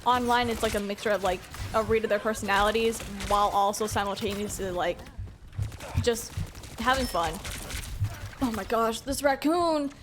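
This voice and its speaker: A woman's voice: on the high side, normal speed, noisy background. A young American woman streaming a game, chatting casually and rambling with lots of fillers. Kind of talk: casual chat while gaming.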